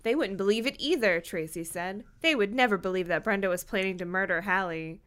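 A woman's voice: medium pitch, a little fast, a bit bright, smooth. A woman co-hosting a comedy podcast, reading a novel aloud and cutting in with blunt, profane comments. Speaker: podcast co-host.

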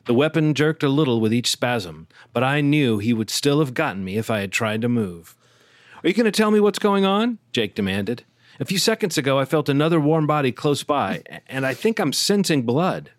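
A man co-hosting a podcast, reading a novel aloud in a playful, animated way and acting out the dialogue. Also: medium pitch, normal speed, dry recording, studio quality. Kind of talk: casual read-aloud with acted dialogue.

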